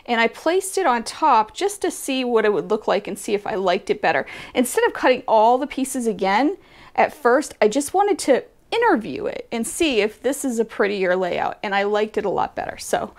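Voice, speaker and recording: A woman hosting a casual sewing tutorial, chatting and thinking aloud as she works, with a self-deprecating, friendly way of talking. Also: on the high side. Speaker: quilting channel host.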